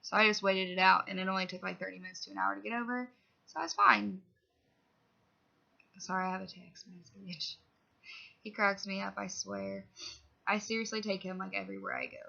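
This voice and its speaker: A young woman rambles through a casual personal vlog, filling her talk with "like". Her voice is bright and sharp but heavily fried and gravelly. The recording sounds dull and lo-fi. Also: medium pitch, steady tone, fast. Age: young adult. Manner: rambling and chatty, full of "like". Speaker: vlogger.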